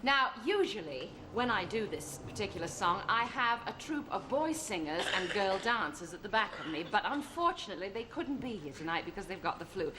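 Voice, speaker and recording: A woman's voice: medium pitch, very animated, a little fast, few pauses. A woman playing a teasing guest in a scripted comedy sketch. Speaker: guest star. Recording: noisy 1970 TV studio broadcast.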